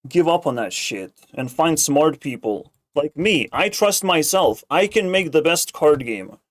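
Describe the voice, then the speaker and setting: Streamer, male, slightly high voice, sarcastic, swears nonstop, rambles. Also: animated, a little slow. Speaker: streamer reacting to a video. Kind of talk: casual profane rant.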